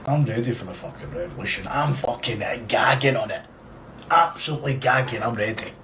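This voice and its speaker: A man with a Scottish accent on a live show. He delivers an angry political rant, swearing heavily, loud and defiant. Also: mid-range voice, a little fast. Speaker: guest or caller. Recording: noisy background.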